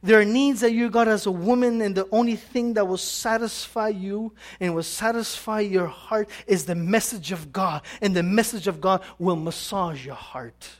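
A woman preaching a sermon in an animated, conversational way, asking her listeners questions. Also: medium pitch, moderate pace, few pauses.

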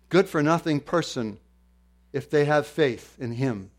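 An older man preaches in a slightly raised voice. He tells stories quietly, then climbs into loud, fervent declarations. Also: fairly high pitch, unhurried. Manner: swings from quiet storytelling to shouted exclamations. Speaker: pastor. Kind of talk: sermon.

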